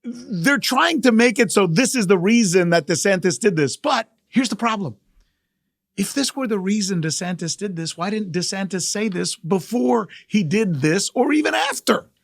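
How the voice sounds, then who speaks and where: A middle-aged male journalist hosting a podcast, giving emphatic, animated news commentary and repeating key phrases for effect. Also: high-pitched, normal speed, creaky, no room sound, clean studio sound.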